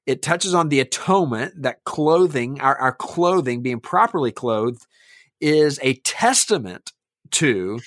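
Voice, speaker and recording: A man's voice: mid-range voice, lively intonation, a little slow, fairly bright tone, no room sound. Pastor guy in a podcast chat, earnest and emphatic, dead dry sound. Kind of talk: podcast conversation.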